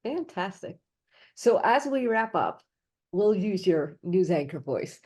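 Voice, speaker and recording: A woman's voice: medium pitch, sing-song, slow, a little mellow. A woman hosting a casual interview podcast, upbeat and encouraging, laughing easily. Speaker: podcast host.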